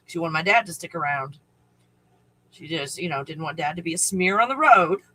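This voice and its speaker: Guy on a livestream chatting w viewers, high bright voice, laughs a lot, swears freely. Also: lively intonation, moderate pace, low-quality recording. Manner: rambling storyteller, laughs often, swears freely; greets viewers by name. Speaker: live-stream host. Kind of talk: casual live-stream chat.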